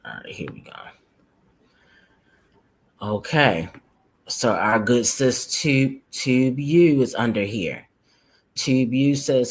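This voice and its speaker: Chatty livestream host, mid pitch, slangy, keeps saying y'all to chat. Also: animated, slow pace, pauses often, husky. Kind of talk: casual reaction livestream.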